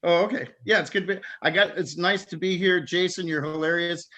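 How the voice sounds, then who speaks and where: A man's voice: sits high, steady tone, a little fast, bright, forceful tone, lo-fi sound. A man from Southern California doing rambling stand-up comedy over a video call, stammering through restarts and laughing at his own jokes. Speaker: stand-up comic.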